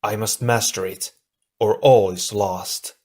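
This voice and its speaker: A man's voice: on the low side, steady tone, slow pace, a little mellow. A man reading a grim resolute hero leader. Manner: grim, solemn.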